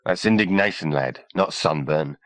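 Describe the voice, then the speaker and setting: A man voicing a gruff, sarcastic army sergeant in his mid-thirties who trades growling banter. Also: on the low side, animated, fairly quick, no room sound, natural voice. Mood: mocking.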